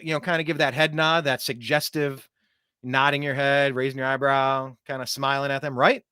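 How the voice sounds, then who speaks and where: A man hosting a talk show, ranting in an animated, mocking way about clips he plays. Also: fairly high pitch, no room sound, clean studio sound. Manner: animated, mocking, does voices while ranting. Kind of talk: opinionated commentary over clips.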